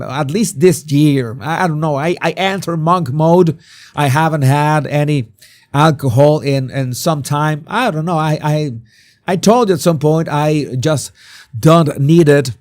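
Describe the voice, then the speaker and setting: Hoarse man, slow and high. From Venezuela. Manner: animated, rhetorical questions, repeats words. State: hoarse, sore throat. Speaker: host. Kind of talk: live-stream commentary.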